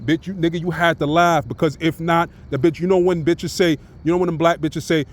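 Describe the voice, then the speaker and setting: A man from Brooklyn rants in a fairly high voice. He is taunting and profane, roasting his target and keeps filling the gaps with "you know what I'm saying". The delivery is loose and repetitive, in the manner of a vlog. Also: fairly even intonation, brisk, hardly any pauses. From Brooklyn, New York. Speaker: vlogger.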